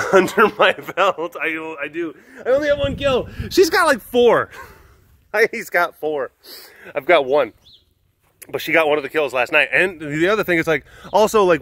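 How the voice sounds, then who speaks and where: Man, podcast host, casual chat, rambling, chuckling, somewhat high voice. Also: fairly bright tone.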